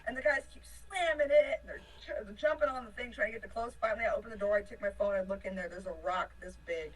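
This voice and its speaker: Husky woman telling a road story. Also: mid-range voice, fast, far from the mic, low-quality recording. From United States. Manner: laughs often, swings between excitement and panic. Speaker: band member. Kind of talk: animated storytelling in a casual interview.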